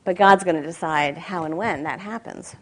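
A woman's voice: lowish voice, normal speed. A middle-aged woman giving a sermon at a weekend church gathering. She tells stories about herself with humor and often asks her listeners direct questions. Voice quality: candid, self-mocking humor, asks the audience direct questions. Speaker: speaker at a weekend church conference. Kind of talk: sermon with personal storytelling.

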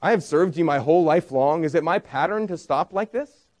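A man voicing a talking male donkey that pleads its case with calm logic. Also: fairly high pitch, brisk, lightly acted. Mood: pleading.

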